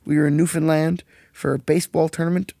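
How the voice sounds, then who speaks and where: A man's voice: a little high, flat delivery, fast talker, gravelly, mellow, no echo, clean studio sound. A young man hosting a casual podcast, a profane, rambling storyteller who acts out the quotes. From Canada. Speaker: podcast host.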